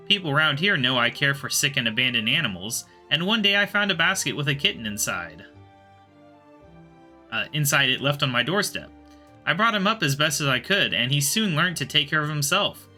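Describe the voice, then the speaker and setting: A man's voice: fairly high pitch, sing-song, brisk, sharp tone, faint music behind, voice pushed up, exaggerated voice. A man doing a fussy old cat lady. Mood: chatty. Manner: chatty, fussy, rambling. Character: kindly older woman who cares for cats. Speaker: game character voiced while reading.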